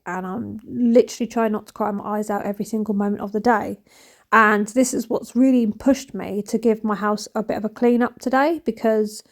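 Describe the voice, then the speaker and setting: A woman in her thirties, chatting frankly and rambling as she narrates her home cleaning. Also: fairly high pitch. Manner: rambling, frank, self-mocking. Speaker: cleaning vlogger. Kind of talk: casual chatty voice-over while cleaning.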